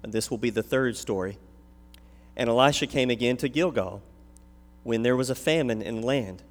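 Earnest pastor reading in a hall. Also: male voice, mid-range voice, moderate pace. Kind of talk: scripture reading and prayer. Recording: long hall reverb.

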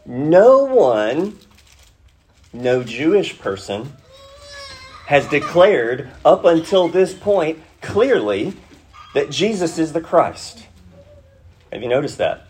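A man's voice: fairly high pitch, darkish tone, slightly rough. A man preaching a verse-by-verse sermon in a teacherly way, checking in with his listeners through rhetorical questions. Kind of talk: expository sermon.

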